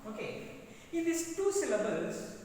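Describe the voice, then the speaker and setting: Slow Telugu-accented male teacher, echoey hall. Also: very high-pitched, very animated, a little mellow, far from the mic, slight background noise. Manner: slow, deliberate, repeats key words. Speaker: English teacher. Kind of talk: classroom lecture. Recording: echoey hall recorded from afar.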